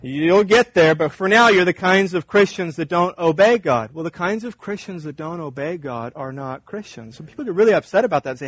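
A man's voice: sits high, lively intonation, a little fast, hardly any pauses, slightly rough. A man preaching a sermon in a conversational, emphatic way, acting out little dialogues. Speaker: pastor.

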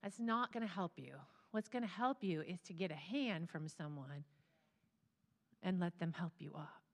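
A woman's voice: lowish voice, moderate pace. A woman therapist speaking to a church congregation in an earnest, teary, conversational way. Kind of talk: sermon talk. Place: large church sanctuary. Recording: long hall reverb.

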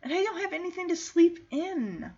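A woman's voice: very high-pitched, expressive, normal speed, dark tone, lo-fi sound, pitched above the performer's own voice. A woman voicing a fussy, haughty female house cat as she retells a film scene. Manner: haughty, sniffy complaints.

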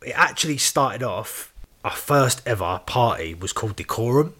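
Bright-toned man, chatty. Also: medium pitch, normal speed. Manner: relaxed, chatty, many "yeah" and "mate". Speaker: DJ and promoter, guest. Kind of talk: casual chat.

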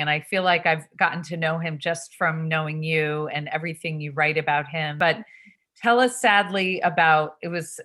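A woman interviewing a guest, gently prompting her to tell her story. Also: low voice. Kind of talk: interview questions.

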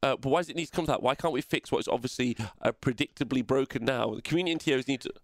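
A man's voice: mid-range voice, very fast, no echo. A man co-hosting a live-streamed gaming chat show, ranting, swearing and joking. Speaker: podcast co-host.

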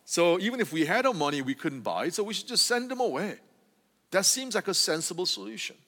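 A man's voice: sits high, very animated, fairly quick, pushed and bright. A man preaching a conversational sermon to a congregation in a church, often checking in with "right?" as he explains. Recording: long hall reverb.

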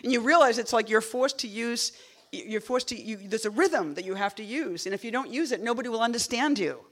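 With a fairly high-pitched, expressive voice and a brisk delivery, a woman poet fills the pauses in her reading with rambling, wry asides. She keeps interrupting herself and lurches from loud bursts to quiet murmurs.

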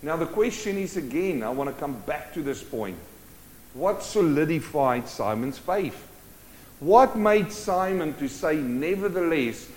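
Guy preaching, kinda high voice, loud then hushed, big hall echo. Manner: swings from loud urgent bursts to hushed intimate tones. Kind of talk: sermon. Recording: long hall reverb.

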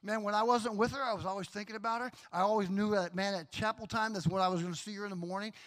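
A middle-aged man preaches in a church, voice pitched high for a man. He tells his story with animation, laughing and acting out the other voices as he goes. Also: steady tone, fast, a bit bright. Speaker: pastor. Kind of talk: sermon with personal story.

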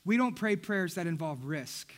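A man's voice: a little high, animated, normal speed. A man, a pastor preaching a sermon in church, telling funny stories and talking straight to the congregation. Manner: humorous storytelling, talking directly to the congregation.

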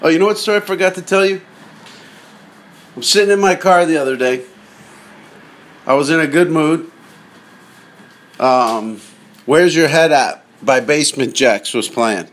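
A slightly high-voiced man hosts a podcast from the seat of his car. He drifts from one story to the next and keeps cutting in on himself as he goes. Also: unhurried, pauses often. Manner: chatty, digressive, self-interrupting. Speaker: podcast host. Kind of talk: casual rambling monologue.

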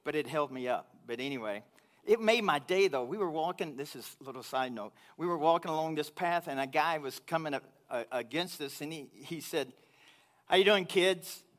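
A man preaching to his congregation, telling a personal story in an animated way that grows loud and high when he gets excited. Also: brisk. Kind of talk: sermon storytelling.

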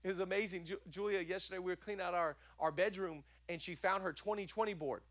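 A man preaching a sermon as pastor, energetic and repetitive in his urging, with chatty joking asides. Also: high-pitched, quick pace, no echo.

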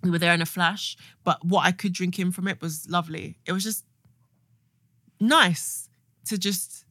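Soft-spoken reflective podcast co-host. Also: mid-range voice, steady tone, normal speed, no echo. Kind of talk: casual chat.

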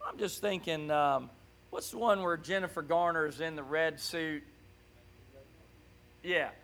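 A man preaching a conversational sermon in a church, animated and often checking in with his listeners. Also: on the high side, unhurried, vocal fry. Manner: animated, keeps asking "right?".

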